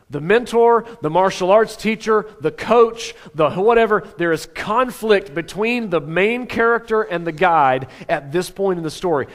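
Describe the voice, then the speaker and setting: A man preaching a sermon as pastor, animated, swinging between loud exclamations and hushed asides. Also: fairly high pitch. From Oklahoma. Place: church sanctuary.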